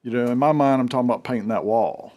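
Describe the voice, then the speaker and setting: A man's voice: mid-range voice, fast, darkish tone. A senator presenting his bill to a committee in a folksy, conversational way, with a joke to start. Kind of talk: explaining a bill at a hearing.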